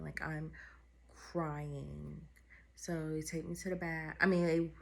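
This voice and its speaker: Candid woman vlogger with a gravelly low voice. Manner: candid, heartfelt, conversational with fillers. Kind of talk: personal vlog story.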